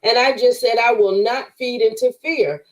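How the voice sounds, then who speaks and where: A woman's voice: fairly high pitch, normal speed, low-quality recording. A woman guest on a podcast giving an emphatic, preacherly faith testimony in conversation, speaking straight to her listeners.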